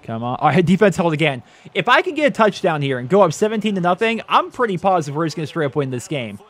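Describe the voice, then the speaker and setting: A man giving excited, chatty commentary over his own football video game, laughing and talking straight to his viewers. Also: a little high, quick pace, soft background music. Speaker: gaming YouTuber.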